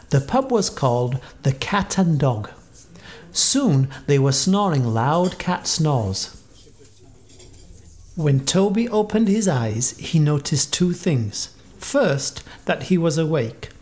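A woman reading a children's story aloud with expressive delivery. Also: deep voice.

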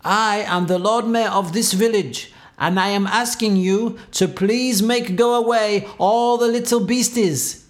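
A man's voice: sits high, steady tone, unhurried, few pauses, voice pushed up. A man voicing a worried, pleading middle-aged male village mayor. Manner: earnest, pleading, sorrowful.

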